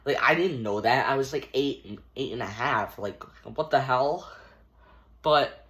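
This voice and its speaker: A teenage guy with a bright, forward voice tells a story straight to the camera. He rambles, stacks up fillers and acts out the scenes with his hands as he goes. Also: medium pitch, unhurried. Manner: rambling, filler-heavy, lots of "like" and "dude"; acts out scenes with hand gestures. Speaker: storytime vlogger.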